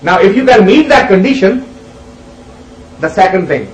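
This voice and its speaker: An unhurried male spiritual teacher tells a parable and keeps asking his listeners questions. His voice sits a little high for a man. It sounds roomy and far from the mic, with a dull, lo-fi tone. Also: sing-song. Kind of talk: spiritual discourse with storytelling. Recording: roomy, distant, dull lo-fi recording.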